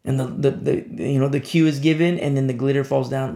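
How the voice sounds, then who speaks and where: A man's voice: mid-range voice, steady tone, brisk, creaky, dark tone. A man preaching an informal sermon, talking conversationally and acting out little scenes. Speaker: pastor. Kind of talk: informal sermon on a Bible passage.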